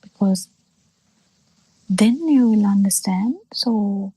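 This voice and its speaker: A woman giving a Buddhist teaching over a video call, halting, with many pauses and fillers, often falling into soft breathy half-whispers. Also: medium pitch, no echo, low-quality recording. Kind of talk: slow spoken dharma talk on a video call.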